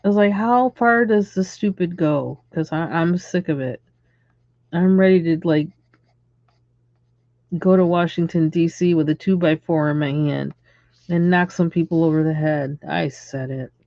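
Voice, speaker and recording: A coloring livestream host vents in a casual, exasperated rant, chuckling now and then. The voice is mellow and dark, recorded dry and close with a dull, lo-fi tone. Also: medium pitch, unhurried, vocal fry, no echo. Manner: exasperated ranting, chuckling between lines.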